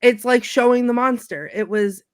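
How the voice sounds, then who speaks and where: A woman's voice: a little high, smooth, no room sound, studio quality. A woman co-hosting a podcast, chatting casually about a film and often restarting her sentences. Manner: halting, restarts mid-sentence, drops to a mutter. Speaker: podcast co-host.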